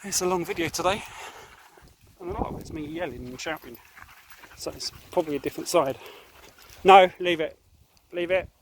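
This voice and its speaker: A man vlogging a dog walk, explaining calmly and giving firm commands to his dog. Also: a little high, a little fast, pauses often, a little hiss or hum, rough recording. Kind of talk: casual vlog narration while walking a dog. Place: outdoors in fields and paddocks. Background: light outdoor ambience.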